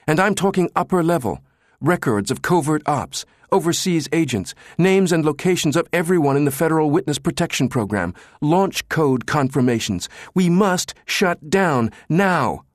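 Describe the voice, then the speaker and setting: Guy doing a loud frantic tech boss, high and pushy, voice jumps all over. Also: lively intonation, normal speed, dry recording, studio quality, close to an everyday voice. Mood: urgent. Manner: shouting, insistent. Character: frantic male systems chief, loud and urgent.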